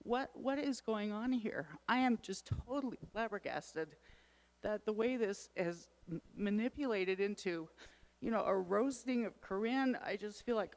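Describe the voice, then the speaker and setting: A woman's voice: medium pitch, moderate pace. A middle-aged woman making a public comment at a town meeting, emotional and urgent, her frustration showing. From Wisconsin.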